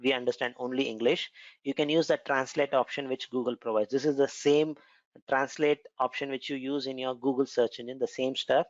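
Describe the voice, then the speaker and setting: A man's voice: medium pitch, steady tone, a little fast, dry recording. Man with an Indian accent teaching. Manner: conversational, repeats words, frequent "uh" fillers. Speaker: cloud computing instructor. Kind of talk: explanatory tutorial lecture. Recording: dull, lo-fi, dry sound.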